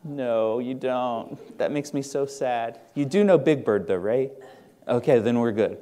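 A man's voice: mid-range voice, a little slow, mellow. A male pastor preaching a sermon in a church, earnest and conversational, asking the congregation questions. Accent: Midwestern American. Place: church sanctuary.

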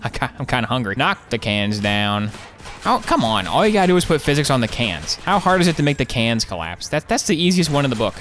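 A man's voice: medium pitch, very animated, fairly bright tone, faint music behind. Man joking through gameplay commentary. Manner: joking, sarcastic, quick asides with laughs. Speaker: gaming commentator.

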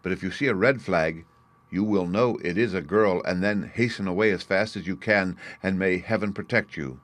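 A man voicing a sorrowful, loving queen speaking gently to her children in a fairy tale reading. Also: deep voice, moderate pace, no room sound.

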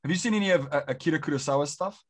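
A man with a South African accent, a guest actor talking excitedly and saying "dude" often. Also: on the high side, rapid-fire. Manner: excitable, says "dude" a lot. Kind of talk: casual interview chat.

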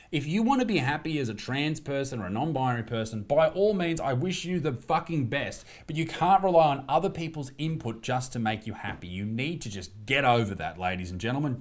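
A man with an Australian accent hosting a crude comedy reaction video, brash and profane. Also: on the high side. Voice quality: brash and profane, mock outrage. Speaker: comedy commentary host.

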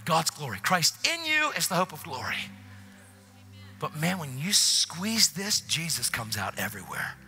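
A man preaching a passionate sermon in a church, often dropping into hushed whispers. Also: fairly high pitch, sing-song, unhurried, faint music behind. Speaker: guest preacher. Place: church, faint music behind.

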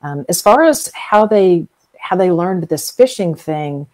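Her voice is a bit low, warm, mellow and expressive: a middle-aged Southern woman who is a whale museum guest expert chats through an interview. She uses everyday comparisons to explain things and pauses often with fillers as she works through each point.

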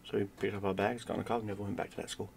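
A middle-aged man with a low, gravelly voice tells a story in a blunt, casual way. He swears freely and drops to a hush at the tense parts. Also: little pitch movement, very fast, a little hiss or hum. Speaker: gaming streamer telling a personal story.

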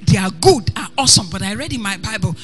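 A woman pastor preaching passionately and building to shouted emphasis, with faint music behind her. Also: medium pitch, lively intonation, fast. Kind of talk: sermon.

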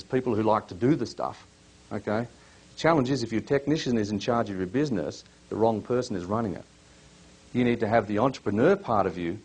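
A man's voice: on the low side, darkish tone, husky. A man presenting a live workshop, chatty and full of questions, coaching people from the audience.

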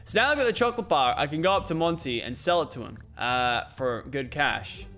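A man's voice: on the high side, expressive, brisk, hardly any pauses, pushed and bright, faint music behind. A young man giving casual let's-play commentary, swearing often and talking through his plans aloud. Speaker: gaming YouTuber.

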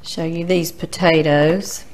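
A woman's voice: low voice, steady tone, takes it slowly. Chatty Southern woman cooking at home. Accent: Louisiana Southern. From Louisiana. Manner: chatty, folksy, talks straight to viewers. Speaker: cooking show host. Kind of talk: casual cooking demonstration.

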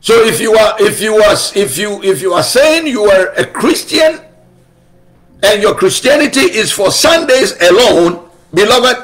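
Guy preaching a sermon, high voice, slow and emphatic, keeps repeating himself. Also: big pitch swings, fairly bright tone. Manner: emphatic, repetitive preaching with rhetorical questions. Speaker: pastor.

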